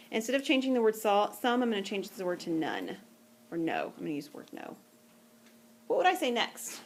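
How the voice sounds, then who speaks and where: A woman's voice: mid-range voice, a little mellow, a little hiss or hum. A woman teaching math to a class, talking patiently and conversationally and often checking that students follow. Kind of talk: classroom lecture.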